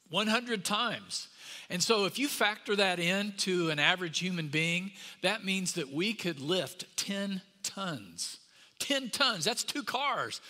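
A middle-aged man preaching a sermon, telling stories with lively, playful acted-out voices. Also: a little high, in a large hall. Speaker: pastor.

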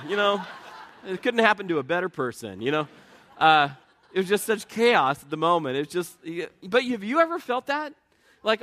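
A man's voice: sits high, sing-song, normal speed, pushed and bright. A middle-aged man preaching a sermon in an earnest, conversational way, asking the congregation questions and telling personal stories. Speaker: pastor.

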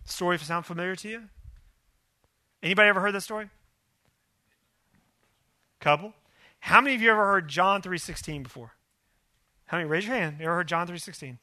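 A man preaching a sermon in an animated way, acting out quotes and prodding the audience to join in. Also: high voice, brisk, long pauses, no room sound. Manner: animated, acts out biblical quotes, prods the audience. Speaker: pastor.

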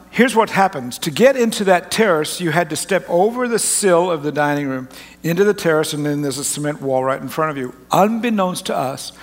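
Folksy pastor man in a big hall. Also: a little high. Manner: folksy, rambling, self-interrupting. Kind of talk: sermon with personal story. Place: large church auditorium. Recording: long reverb of a large hall.

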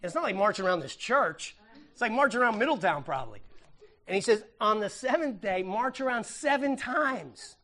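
A man with a notably high voice delivers a sermon in a church. He talks conversationally, acting out the story with playful asides and humor, like a pastor teaching his congregation. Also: big pitch swings, a little fast, bright, forceful tone.

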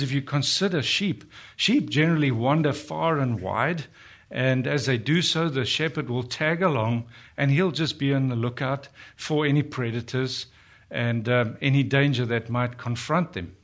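Earnest preacher man pausing on scripture. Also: mid-range voice, fairly bright tone. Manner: earnest, rhetorical questions to the congregation; slows down to dwell on scripture quotes. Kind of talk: sermon.

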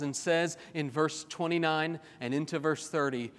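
A man preaching a sermon as pastor, animated, with humorous personal asides. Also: fairly high pitch, moderate pace, hardly any pauses. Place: church sanctuary. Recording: long reverb of a large hall.

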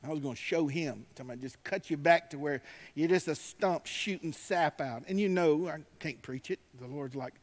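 A man preaching a sermon, emphatic and swinging between loud declarations and quiet asides. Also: a little high, moderate pace. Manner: emphatic, rising to shouts, drawling asides. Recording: long hall reverb.

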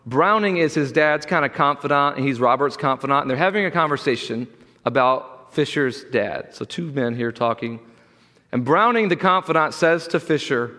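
Male pastor, fairly high voice, earnest sermon delivery, reverberant church hall. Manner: earnest preaching, rising loud for quoted voices, dropping quiet.

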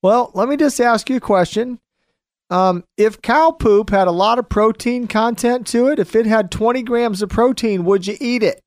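A man's voice: high voice, moderate pace, dry recording, studio quality. A man hosting a radio show, delivering an emphatic, repetitive ranting monologue.

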